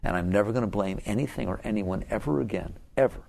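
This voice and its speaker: A man's voice: lowish voice, fast, vocal fry, a little mellow. An older man giving a spiritual talk to an audience, asking rhetorical questions and laughing as he makes his points. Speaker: spiritual teacher.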